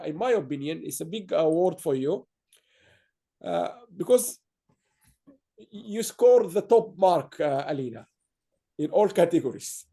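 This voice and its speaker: A man's voice: sits high, dark tone. A man hosting an online awards ceremony, speaking in long, rambling stretches of praise with frequent restarts. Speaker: awards host.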